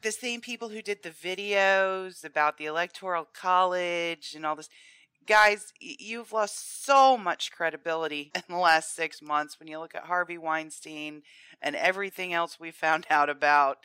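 Co-host, sardonic and blunt, bright tense delivery, dry close recording. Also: medium pitch, normal speed, clean tone, no room sound. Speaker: podcast co-host. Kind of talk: casual political chat.

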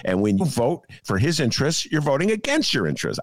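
A man's voice: medium pitch, sing-song, fast talker, gravelly, hardly any pauses, no echo. A man co-hosting a political podcast, ranting sarcastically about the week's news. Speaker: podcast co-host. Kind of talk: casual political commentary.

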